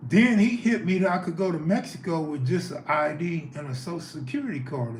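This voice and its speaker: A man's voice: fairly high pitch, expressive, normal speed, hardly any pauses. A man hosting a casual livestream, talking loosely and reacting to viewers' comments. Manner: loose and conversational, reacting to chat. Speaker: livestream host. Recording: echoey room with faint background noise.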